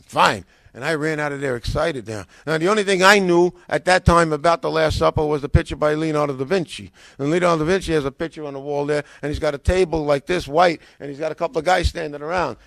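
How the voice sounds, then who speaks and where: A man telling his own conversion story in a lively way, acting out what people said to him, with frequent restarts. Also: fairly high pitch, fast, vocal fry, few pauses, no echo. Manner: animated, acts out quoted dialogue, frequent restarts. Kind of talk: personal testimony, storytelling.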